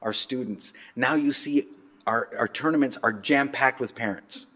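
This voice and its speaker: A man, a speech and debate coach, giving animated storytelling remarks at a city council meeting. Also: medium pitch, moderate pace.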